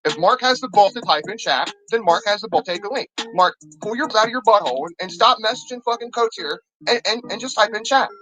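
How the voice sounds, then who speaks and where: Male stream host, bright voice, lively swings, profane rambling rant. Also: high voice, fast, hardly any pauses, faint music behind, poor audio. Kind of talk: casual live-stream rant.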